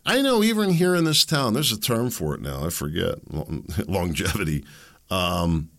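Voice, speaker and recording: A man's voice: sits low, very animated, normal speed. A man hosting a solo commentary show, rambling and opinionated, with sardonic asides. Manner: rambling, opinionated, sardonic, with mocking put-on quotes. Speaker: podcast host.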